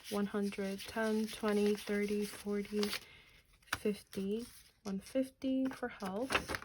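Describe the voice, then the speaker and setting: A woman's voice: mid-range voice, background noise. A woman in her thirties from New Jersey, chatting casually while counting cash aloud and muttering to herself. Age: 30s. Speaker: budgeting channel host.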